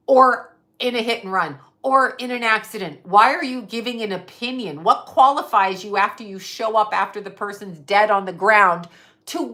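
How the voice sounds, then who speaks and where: Speaking in a bright, forceful, mid-range voice, a middle-aged livestream host vents bluntly and swears freely. She keeps the live chat casual, reading viewers' comments out loud.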